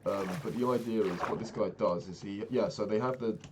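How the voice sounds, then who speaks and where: Young male vlogger, lowish voice, ranting casual story with swearing, faint hiss behind. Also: a little fast. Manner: exasperated, swears freely, lots of fillers.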